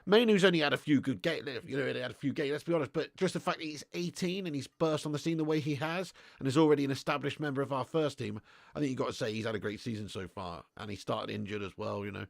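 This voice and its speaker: Chatty man with a gravelly voice. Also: medium pitch, fast talker, no echo, clean studio sound. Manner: chatty, laughs often, reads out viewer comments, swears freely. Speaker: football watch-along host. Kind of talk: live casual chat and match commentary.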